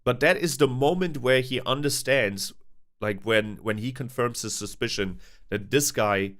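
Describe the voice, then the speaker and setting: A man's voice: medium pitch, a little slow, a bit bright. A man hosting a casual stream chat, rambling with restarts and frequent chuckles. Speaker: streamer host.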